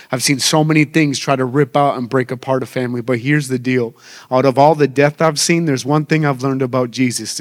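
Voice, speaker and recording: A man in his thirties, a traveling evangelist, preaching a sermon with upbeat storytelling and self-mocking humor. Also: medium pitch.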